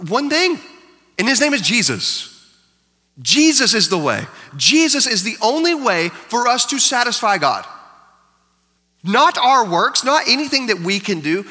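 A man's voice: very high voice, sing-song, unhurried, bright, forceful tone. A man preaching a sermon as pastor, emphatic, repeating key lines for effect. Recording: long hall reverb.

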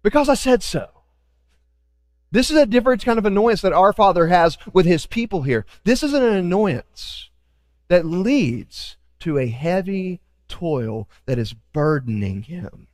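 Man, pastor, sermon, animated, acts out quotes, somewhat high pitch, echoing hall. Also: unhurried. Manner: animated, acts out quoted voices, joking asides.

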